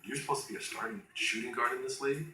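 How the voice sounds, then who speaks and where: A man in a documentary interview, animated as he tells stories and mimics his own trash talk. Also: medium pitch, racing, far from the mic, a little hiss or hum. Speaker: former basketball player, interviewee. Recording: roomy, off-mic, faint music.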